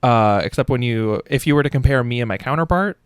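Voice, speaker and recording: A young man hosts a comedic book review, rambling and swearing with quick self-mocking asides. His voice is smooth and mid-pitched. The recording is dry and close. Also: lively intonation, no room sound. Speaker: podcast host.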